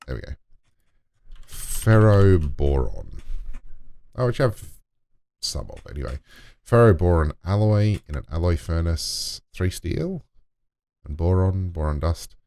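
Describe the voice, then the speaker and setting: A man's voice: low-pitched, lively intonation, unhurried, long pauses, mellow, no echo. A man giving casual gameplay commentary, muttering to himself and talking to in-game items as he builds. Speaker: let's play gamer.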